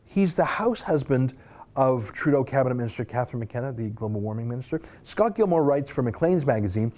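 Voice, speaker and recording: Male commentator, mellow tone, very lively sarcastic delivery for opinion monologue. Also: medium pitch, brisk. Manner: sarcastic, mocking, scoffs and laughs while reading. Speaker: political commentator. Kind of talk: opinion monologue reading tweets aloud.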